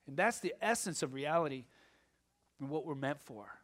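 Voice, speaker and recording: A middle-aged man preaching a sermon, moving from quiet, musing talk to loud, impassioned passages. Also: on the high side, lively intonation, normal speed. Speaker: pastor.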